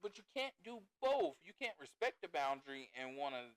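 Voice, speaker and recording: A man's voice: fairly high pitch, very animated, a little fast, poor audio. A man hosting a casual talk podcast, blunt and laughing, swearing freely as he wraps up the show. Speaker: podcast host. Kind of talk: casual chat.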